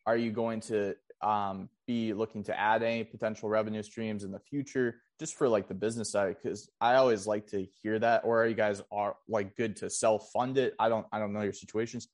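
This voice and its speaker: A man's voice: fairly low pitch, fairly even intonation, brisk, hardly any pauses. A man hosting a casual podcast interview, rambling and restarting his questions as he goes. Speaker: podcast host.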